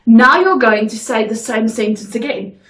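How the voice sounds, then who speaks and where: A woman teaching a drama lesson, giving slow, deliberate instructions. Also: fairly high pitch, animated, fairly bright tone, echoey room, recorded from a distance.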